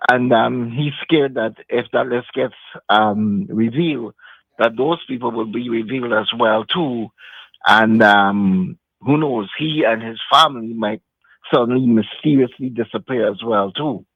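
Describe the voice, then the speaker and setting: A man from New York calling in to a talk show, halting with many ums. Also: medium pitch, breathy edge, dry recording, narrow, tinny audio. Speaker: caller. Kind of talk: phone call into a talk show.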